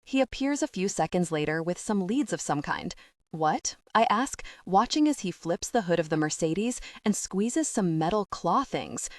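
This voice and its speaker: A woman narrating a first-person romance audiobook in an expressive voice. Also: on the low side, normal speed, few pauses, no room sound, studio quality, recorded from a distance.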